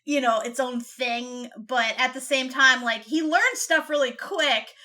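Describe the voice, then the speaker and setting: A woman chatting as a podcast co-host about a film. Her voice is bright and a little high, and her talk runs loose and chatty, full of "like" and "you know". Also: unhurried. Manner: chatty, many "like" fillers. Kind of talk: casual movie review chat.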